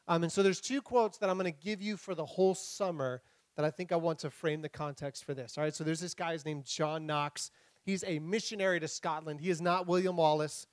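A young man preaching a sermon, retelling scripture with lively humor, playful voices and sound effects. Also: on the high side, no room sound. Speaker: pastor.

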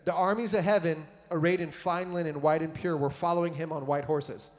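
A man preaching a sermon in a conversational, animated way, reading scripture and adding casual asides to his audience. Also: on the high side, fairly quick. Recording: long hall reverb.

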